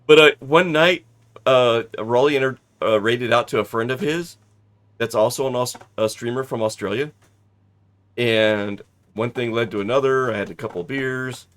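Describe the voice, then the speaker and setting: A man's voice: mid-range voice, moderate pace, fairly bright tone. A man from Southern California chatting casually while streaming a flight simulator, making radio calls and rambling with many restarts.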